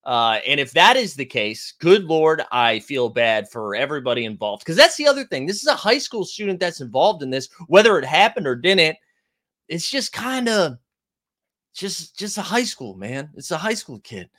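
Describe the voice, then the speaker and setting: A man's voice: fairly high pitch, big pitch swings, normal speed, fairly bright tone. A young man hosting a casual basketball talk show, rambling, swearing and answering his live chat as he goes. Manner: rambling, profane, reacts to chat. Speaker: podcast host.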